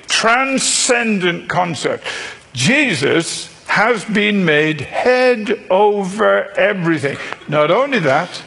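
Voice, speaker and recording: A man delivers a sermon at an unhurried, measured pace, with a gravelly, somewhat husky voice pitched a little high for a man. He teaches deliberately, leans on repetition for emphasis and drops in dry jokes. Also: a bit bright. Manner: emphatic repetition of key phrases. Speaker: preacher.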